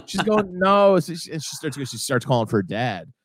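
A man's voice: mid-range voice, big pitch swings, a little fast, slightly rough, no echo. A man co-hosting a comedy podcast, telling rambling stories with frequent laughs. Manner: rambling storyteller, laughs often, puts on loud voices for quotes. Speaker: podcast co-host. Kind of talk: casual comedic chat.

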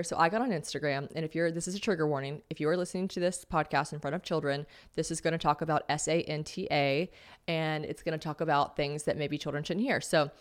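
Young woman podcast host, low voice, rapid chatty delivery with jokes. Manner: chatty, jokey, swears casually, reads ad copy brightly. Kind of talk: casual solo podcast chat.

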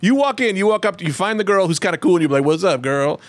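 A playful man hosts a casual podcast chat and teases his guest. His voice sits a little high and swings a lot in pitch. The sound is dry and close to the mic. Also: animated, racing, no echo. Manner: playful, teasing banter.

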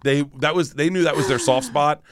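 A man in his forties chatting casually, telling animated stories and acting out the voices in them. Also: a little fast, no echo. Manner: animated storyteller, acts out quotes with rising pitch. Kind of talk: casual chat.

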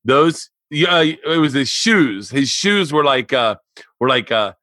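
A man hosting a podcast, telling stories in casual chat, animated with sudden loud, cursing outbursts. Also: mid-range voice, takes it slowly, no room sound, clean studio sound. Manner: animated storyteller, loud outbursts, swears a lot. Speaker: podcast host.

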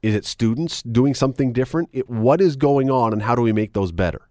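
A man's voice: medium pitch, a little fast, warm tone, no echo, studio quality. A man hosting a radio talk show, chatting wryly and reading items aloud with sarcastic asides. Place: radio studio. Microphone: studio microphone.

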